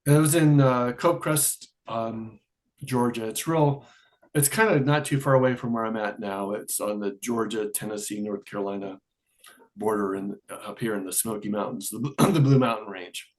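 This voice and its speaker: A middle-aged man, a guest in an interview, telling his story in a casual, lively way and acting out the dialogue. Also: lowish voice, normal speed. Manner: lively storyteller who acts out quoted dialogue.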